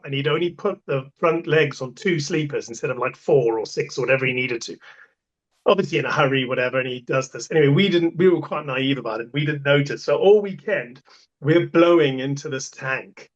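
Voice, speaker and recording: A man, a podcast guest telling an animated story and acting out the voices of the people in it. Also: a little high, fairly quick, highs cut off. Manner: animated anecdote, acts out quoted voices. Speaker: guest, festival toilet contractor. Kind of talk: casual storytelling.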